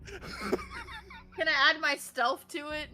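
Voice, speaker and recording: High, giggly woman at a game table. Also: wildly swooping pitch, extremely slow, pushed and bright, soft background music. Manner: giggly, laughs often. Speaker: player. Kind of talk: casual tabletop game chat.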